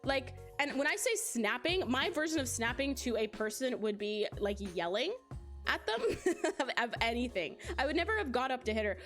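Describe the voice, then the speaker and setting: A young woman with a fairly high voice chats to her stream audience in an animated storytelling way. She laughs often through her telling. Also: normal speed, faint music behind. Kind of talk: casual stream chat.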